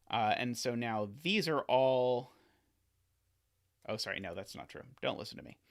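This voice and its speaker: A man streams himself solving a sudoku, talking through each step out loud. He keeps catching his own mistakes and taking them back, and he tosses in playful remarks to his viewers. His pitch swoops lively up and down as he works. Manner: talks to himself, corrects himself often, playful asides. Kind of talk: live-streamed puzzle solving, thinking aloud.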